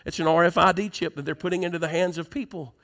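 A male pastor preaching a sermon, moving from conversational teaching to loud, emphatic preaching. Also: on the high side, steady tone, fast.

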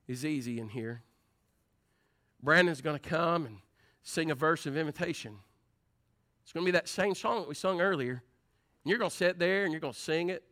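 Fervent high-voiced preacher. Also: male voice. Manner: swings from hushed storytelling to fervent, loud preaching. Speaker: pastor. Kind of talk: sermon.

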